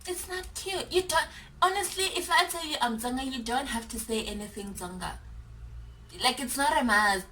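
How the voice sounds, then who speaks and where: A South African woman chatting to camera in an animated, exasperated and teasing way. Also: fairly high pitch, normal speed, far from the mic, slight background noise. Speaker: YouTuber. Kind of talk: casual vlog chat.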